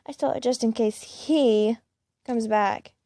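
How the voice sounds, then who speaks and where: Gravelly woman reading a story. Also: a little high, a little slow, warm tone, no room sound, clean studio sound. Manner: plain reading with small slips and restarts. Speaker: fan-fiction reader. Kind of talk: first-person story reading.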